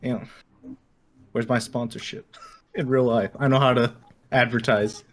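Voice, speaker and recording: A man playing a tabletop game pitches his ideas in an animated, joking way. His voice sits at a middle pitch. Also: moderate pace. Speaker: player.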